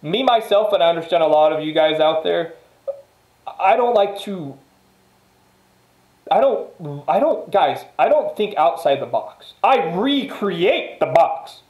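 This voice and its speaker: A man's voice: fairly high pitch, expressive, a little slow, long pauses, darkish tone. A man giving a casual motivational monologue straight to viewers, emphatic and repetitive, swearing freely. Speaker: motivational vlogger. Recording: echoey room.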